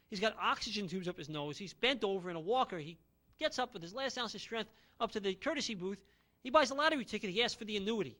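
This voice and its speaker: A man's voice: sits high, sharp tone. A man around forty performing a stand-up comedy routine with brash, punchy one-liners and no audience.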